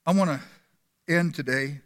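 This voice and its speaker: A man's voice: fairly high pitch, normal speed, fairly bright tone. A man preaching a sermon in a church hall with a long reverb, telling stories earnestly and often repeating words.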